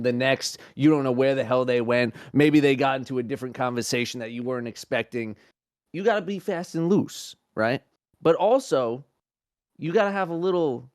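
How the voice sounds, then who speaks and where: A man's voice: mid-range voice, smooth, no room sound, clean studio sound. A man improvising as a job applicant in a comedic party game, rambling and stammering through restarts. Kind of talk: improvised comedic role-play.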